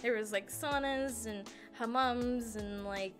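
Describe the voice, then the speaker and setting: A woman's voice: on the high side, takes it slowly, faint music behind. A young woman vlogger casually telling a travel story, rambling and giggling self-consciously.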